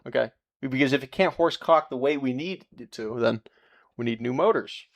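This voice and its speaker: Young male streamer, mid-pitched, loose and profane, chatting to chat mid-task, voice drifting off-mic. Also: moderate pace, slight background noise. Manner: rambling, profane, laughing at himself; talks to chat while working, often turned away from the mic. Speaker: livestreamer. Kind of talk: casual live-stream chat while soldering.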